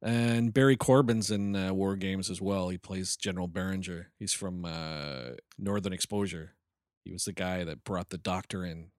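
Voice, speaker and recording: A man co-hosts a podcast about old movies, chatting casually, joking, teasing his co-host, and laughing often. His low-pitched voice is fairly even and darkish at normal speed, with clean studio sound and no room echo.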